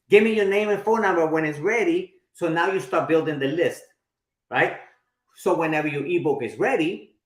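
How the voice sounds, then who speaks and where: A man's voice: on the high side, a bit bright, echoey room. A man in his forties teaching a live workshop, chatty, often checking in with his listeners. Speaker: marketing instructor.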